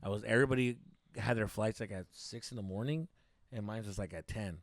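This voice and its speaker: A young man co-hosting a podcast, telling stories in a casual, profane, animated way with lots of fillers. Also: lowish voice, brisk, no echo. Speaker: podcast co-host. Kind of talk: casual storytelling chat.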